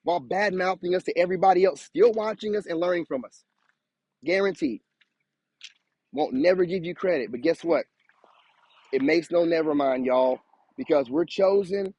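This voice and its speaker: A man's voice: on the high side, moderate pace, a little mellow, dull audio. A man, giving an emphatic, repetitive motivational monologue to his viewers. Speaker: spiritual content creator.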